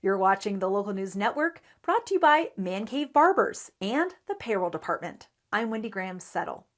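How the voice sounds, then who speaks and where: A woman reporter reading a local news story in a measured, even newsreader delivery. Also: medium pitch. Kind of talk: scripted news narration.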